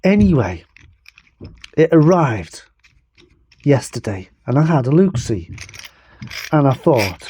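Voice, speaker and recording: A man's voice: a little high, big pitch swings, slow pace, long pauses, mellow, slight background noise. A man from the UK casually demonstrating a bike tool in his vlog, rambling and self-deprecating. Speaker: bike vlogger.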